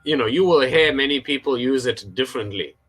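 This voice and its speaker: A male tutor leads a pronunciation lesson over a video call. His voice has a bright, forward tone, and he speaks patiently, saying each word slowly for his student to copy. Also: medium pitch, slightly rough. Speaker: English tutor.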